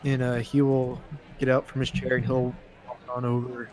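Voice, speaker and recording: A man playing a tabletop game who describes his character's actions in an even, unhurried way. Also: mid-range voice. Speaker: player.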